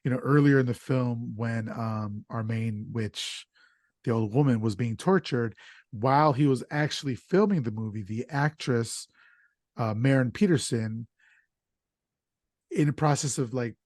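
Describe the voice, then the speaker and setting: A man hosting a podcast, retelling the plot of an old film in an animated, casual way with fillers. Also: mid-range voice, unhurried, no echo, clean studio sound. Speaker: podcast host.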